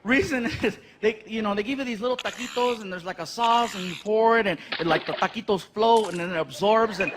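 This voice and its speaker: A man doing animated stand-up comedy on a live stage, telling stories and acting out voices into a stage microphone. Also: high-pitched, a little fast, few pauses. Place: live comedy stage before a laughing audience. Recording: live show with crowd and noise.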